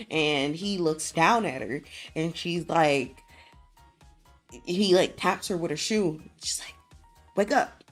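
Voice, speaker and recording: A woman's voice: deep voice, a bit bright. A woman streamer casually retelling a dream, rambling and using lots of fillers. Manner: rambling, filler-heavy storytelling.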